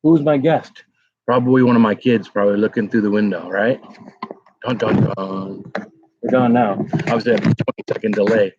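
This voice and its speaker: A man's voice: fairly low pitch, normal speed, a little mellow, dry recording. Middle aged guy rambling on his home livestream, lots of ums, dry dull mic. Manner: chatty, rambling, with many fillers. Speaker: livestream host. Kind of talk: casual live-stream chat, reading viewer comments.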